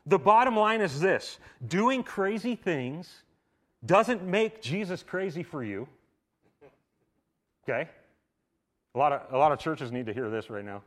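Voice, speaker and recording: A man's voice: on the high side, sing-song, measured pace, pauses often. Casual, conversational male pastor preaching. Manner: casual conversational preaching, many "like" and "right?" asides; swings from loud emphatic to quiet hushed. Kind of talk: sermon. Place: church sanctuary.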